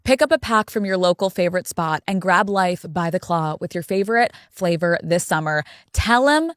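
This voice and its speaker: A woman's voice: fairly low pitch, lively intonation, moderate pace, no echo, clean studio sound. A woman hosting a podcast, chatting bluntly and swearing freely, and also reading an ad. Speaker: podcast host. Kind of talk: casual podcast chat and read-out ad. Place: podcast studio.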